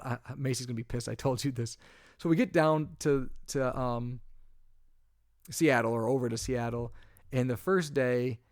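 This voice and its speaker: A young man co-hosting a podcast in casual chat, recounting a story with rising, exasperated energy. His mid-pitched voice sits close and dry on the mic, with no room sound around it. He talks in loose, rambling runs, full of restarts. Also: no echo. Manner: animated storytelling, gets louder and higher when exasperated. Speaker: podcast co-host.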